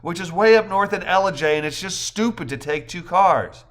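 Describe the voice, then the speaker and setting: A man reading the part of a chatty young wife, telling a story with brisk amusement. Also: sits high, a bit bright, pitched above the performer's own voice. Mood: amused.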